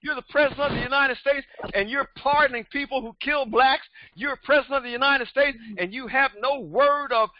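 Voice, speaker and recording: A man in his seventies, a pastor preaching a sermon with emphatic repetition that rises to shouts. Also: extremely high pitch, a little fast, hardly any pauses, a little hiss or hum. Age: 70s. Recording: dull, dry recording.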